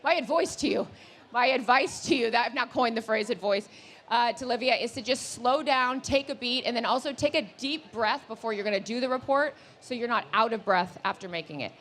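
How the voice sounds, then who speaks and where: A woman co-hosting a live podcast on stage, chatty and laughing, reading out listener questions and giving advice. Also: fairly bright tone. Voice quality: deeper voice. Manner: chatty, laughing, fast-talking. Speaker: podcast co-host.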